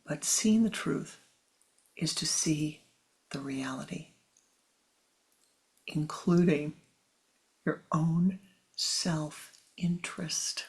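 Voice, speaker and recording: Gravelly, unhurried spiritual teacher. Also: mid-range voice. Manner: slow, repetitive, with soft whispery stretches. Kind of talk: meditative spiritual talk.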